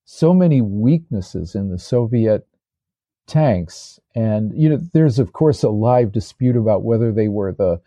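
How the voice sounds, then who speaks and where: A man's voice: lowish voice, expressive, unhurried, mellow, dry recording. An older man, a former tank commander, telling his stories as an interview guest in a rambling way, with restarts and fillers. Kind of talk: casual interview storytelling.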